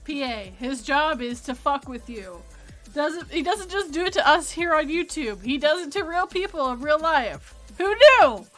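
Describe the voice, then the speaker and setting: A woman's voice: high-pitched, animated, moderate pace, a bit bright. A woman hosting a podcast in casual chat, giggly and teasing, with faint music underneath. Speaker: podcast host.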